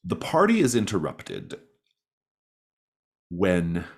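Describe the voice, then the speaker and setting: A man's voice: sits low, huge pitch swings, takes it slowly, gravelly, husky. A man narrating as game master in a playful, hesitant way. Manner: hesitant, playful, many restarts.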